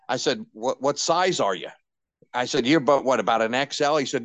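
An older radio veteran tells stories with excitement, stumbling over restarts and slipping into the voices of the people he quotes. His recording is dry and close, with no room sound. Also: mid-range voice, fairly quick, no echo. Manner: animated anecdotes with many restarts and quoted dialogue. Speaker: radio personality guest. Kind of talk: candid storytelling interview.

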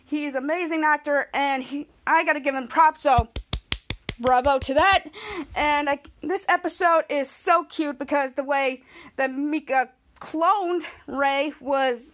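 A woman's voice: high voice, a bit bright. A woman hosting a podcast, recapping a TV episode in a chatty, upbeat way and acting out the characters' lines as she retells them. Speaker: podcast host.

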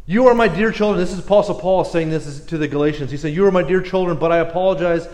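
A man preaching a sermon in a casual, animated way, joking and calling on people in the room. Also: fairly high pitch, fast, reverberant. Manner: casual, animated, laughs often, talks to audience members. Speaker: pastor.

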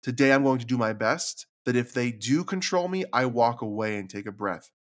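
A man's voice: medium pitch, moderate pace. A man hosting his own podcast, talking earnestly and confidingly about his struggles, sometimes repeating words when moved. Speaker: podcast host. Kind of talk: reflective solo podcast talk.

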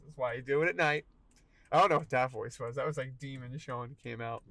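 A man's voice: mid-range voice, a little fast, bright, forceful tone, poor audio. A young man hosting a solo podcast, talking emphatically and tagging "all right" onto his points. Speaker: podcast host.

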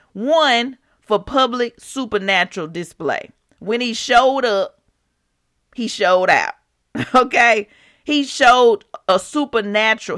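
A woman's voice: medium pitch, dry recording, studio quality. A woman hosting a devotional podcast, speaking informally and preacherly, repeating phrases for emphasis. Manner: grows emotional, shifts between soft and raised. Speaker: podcast host.

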